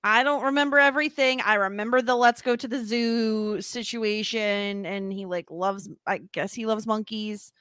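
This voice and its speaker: A woman co-hosting a podcast, talking with animated, rambling enthusiasm. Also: mid-range voice, normal speed, few pauses, clean tone, no echo, clean studio sound. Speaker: podcast co-host. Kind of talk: casual podcast discussion.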